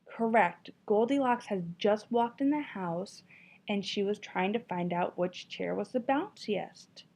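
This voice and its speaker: A woman's voice: medium pitch, unhurried, darkish tone. A woman teacher reading a children's story aloud with expression, then asking a class encouraging questions about it. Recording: dull lo-fi recording.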